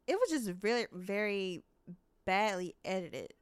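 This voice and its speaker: A woman co-hosting a casual podcast chat, relaxed and hedging with fillers. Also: mid-range voice, measured pace, clean tone. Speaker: podcast co-host.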